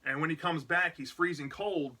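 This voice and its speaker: A man with a strikingly bright, sharp-edged voice that sits a little high for a man. He runs through a plot recap in a loose, casual way, piling on "like" and "you know" as he goes. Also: moderate pace. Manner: rambling, full of "like" and "you know". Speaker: book reviewer.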